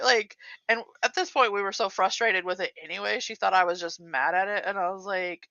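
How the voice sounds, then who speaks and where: Young woman, bright lively streamer voice, giggly storyteller, dry lo-fi home recording. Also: medium pitch, moderate pace, no echo. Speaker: crochet streamer. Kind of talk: casual chat while crocheting.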